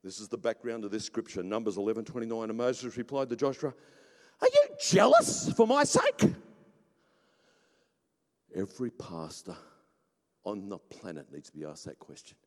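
A man preaching a sermon with passion, swinging between shouting and hushed emphasis. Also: lowish voice, fairly quick. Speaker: pastor. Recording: long hall reverb.

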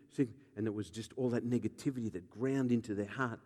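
A man, a pastor preaching a sermon with animated, joking storytelling and acted-out voices. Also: fairly low pitch, a little fast, big-room sound.

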